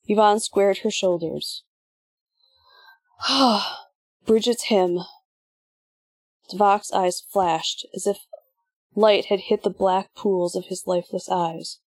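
Husky woman narrating a story. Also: mid-range voice, fairly even intonation, slow pace, pauses often, darkish tone, no echo. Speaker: audiobook narrator. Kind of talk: scripted narration.

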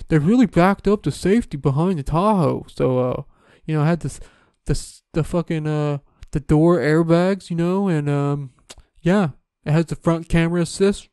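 A man putting on the voice of an earnest car buyer who brags haltingly about his new vehicle. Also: on the high side, darkish tone, smooth, no echo, clean studio sound. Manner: hesitant, filler-laden bragging. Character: gushing male car buyer, earnest and rambling.

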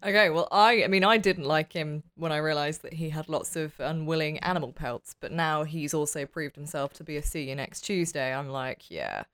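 A woman's voice: sits low, animated, normal speed, hardly any pauses, fairly bright tone. A woman playing in a tabletop game, wry and casual, often restarting her sentences. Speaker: player.

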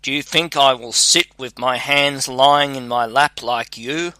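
An old woodcutter father who scolds and grumbles, quick to anger, as a man reads him aloud in a storybook. The voice is bright-toned and a little louder than the narration. It stays slow and sounds dry. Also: mid-range voice, no room sound. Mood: scolding. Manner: scolding, exasperated storybook reading.

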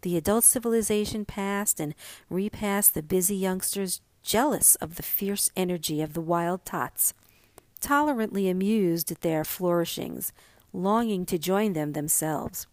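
A woman podcast host introducing and reading a short story aloud in a measured, expressive way. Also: fairly low pitch, dry recording.

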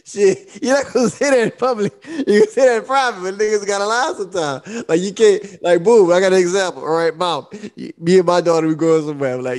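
A man's voice: high voice, fast, few pauses, darkish tone. A young adult man co-hosting a casual podcast, telling loose stories with laughs and acting out the people he quotes. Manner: loose, laughing storyteller, acts out quoted voices. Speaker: podcast co-host.

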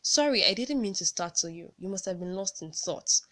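A man's voice: sits high, animated, moderate pace, a bit bright. A woman voicing a good-natured young man at a job interview who asks innocent questions. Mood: curious, friendly.

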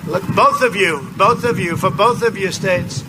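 A man's voice: high voice, moderate pace. A man giving a rambling, boastful campaign rally speech, repeating his phrases, outdoors. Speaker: political candidate at a campaign rally. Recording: loud outdoor noise behind.

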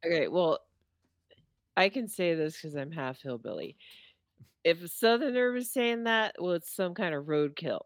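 Guest, woman, lower voice, dry mic; giggly but earnest. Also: lively intonation, normal speed, no room sound. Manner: laughs often, earnest and advising. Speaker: podcast guest. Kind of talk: casual chat.

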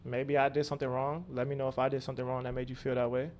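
A man, a rapper, guesting on a podcast and telling stories in a casual, slangy, animated way, often laughing. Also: medium pitch, very fast, dull audio, slight background noise. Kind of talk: casual storytelling chat.

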